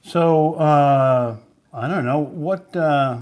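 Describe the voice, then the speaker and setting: A man's voice: fairly high pitch, extremely slow, highs cut off. A man hosting a livestream, talking in an easygoing, rambling way. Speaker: livestream host. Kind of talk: casual chat.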